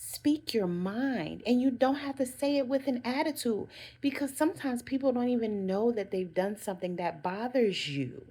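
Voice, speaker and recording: Speaking straight to her viewers at a moderate pace, a vlogger gives earnest self-care advice in a slightly high, mellow, slightly rough voice. This casual motivational talk to camera repeats phrases for emphasis.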